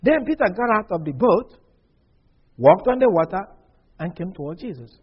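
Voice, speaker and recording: A man preaching a sermon in an animated way, acting out dialogue and dropping from loud bursts to very soft asides. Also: high voice, normal speed, slightly rough, muffled recording. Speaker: pastor.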